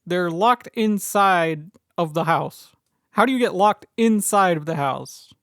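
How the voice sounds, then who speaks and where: A man's voice: high-pitched, a little slow, a bit bright, no room sound, clean studio sound. A man co-hosting a podcast, recapping a movie with sarcastic jokes in casual chat. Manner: sarcastic, joking. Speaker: podcast co-host.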